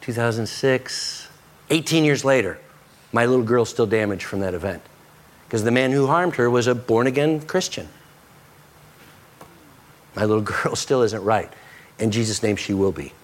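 A middle-aged man preaches a sermon with earnest conviction. He often drops his voice low and slows down to press a point home. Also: animated. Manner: earnest preaching that drops soft and slow for emphasis. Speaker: pastor.

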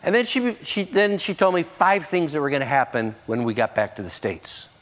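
A middle-aged man preaching to a church crowd in a fairly high voice. He tells his story with lively energy and plays out each voice in it. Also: moderate pace. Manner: animated, acts out the people in his story. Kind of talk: sermon with storytelling.

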